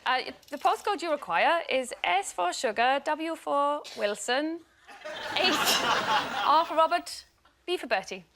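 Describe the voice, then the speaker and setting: A woman's voice: high voice, lively intonation, a little slow, a bit bright, a little hiss or hum, heavily acted. A woman putting on a chirpy Welsh phone operator. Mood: polite. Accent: put-on Welsh. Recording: TV studio with audience laughter.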